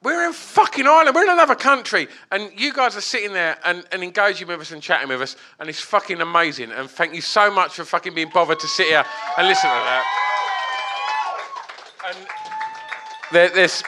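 Drunk, sweary man with a bright voice. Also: sits high, lively intonation, brisk. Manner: loud, sweary, rambling. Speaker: podcast co-host. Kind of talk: drunk live podcast chat. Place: live stage before an audience.

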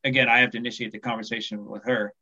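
A man in his forties, a podcast guest, speaking softly in casual chat and trailing off at the ends of phrases. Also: medium pitch, flat delivery, racing, highs cut off. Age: 40s.

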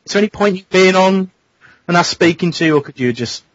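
A man's voice: high-pitched, expressive, fast, no room sound. A man hosting a casual radio show, teasing his co-hosts. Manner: teasing, jokey. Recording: dull dry lo-fi radio studio sound.

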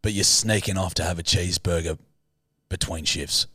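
A man's voice: low voice, steady tone, moderate pace, pushed and bright, husky, dry recording, studio quality. A young man co-hosting a casual comedy podcast, teasing playfully and laughing at his own jokes. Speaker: co-host.

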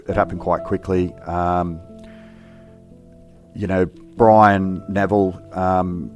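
In a low voice, a middle-aged man who works as a police officer recounts something from his own life for an interview. He speaks plainly, pausing and reflecting as he goes.

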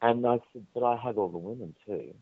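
A lowish, brisk male voice with a breathy edge comes through a dry, tinny line resembling a phone. The TV presenter guest tells lively, candid stories in an interview, voicing the dialogue as he goes.

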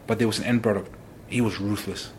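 A man, a former footballer, telling stories in an interview, animated and full of exclamations. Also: on the low side, fast talker, slight background noise. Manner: animated, exclaims often, restarts sentences. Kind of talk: casual interview storytelling.

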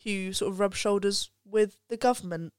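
Young woman, smooth dry voice. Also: mid-range voice, fairly even intonation, moderate pace, no room sound. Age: young adult. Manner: candid, swears freely, reflective. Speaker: podcast guest, undergraduate. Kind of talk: casual chat.

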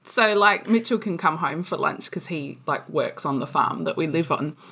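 A young woman co-hosts a relaxed podcast chat in a bright, clear voice. Her pitch swings widely and she laughs readily as she chimes in. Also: a little hiss or hum. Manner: warm, giggly listener, quick to laugh. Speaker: podcast co-host. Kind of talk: casual chat.

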